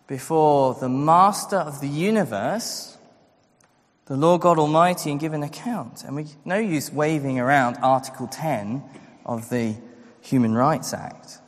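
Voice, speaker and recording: Preacher with booming hall reverb. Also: male voice. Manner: earnest, rhetorical questions, acts out quoted voices. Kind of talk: sermon. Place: church.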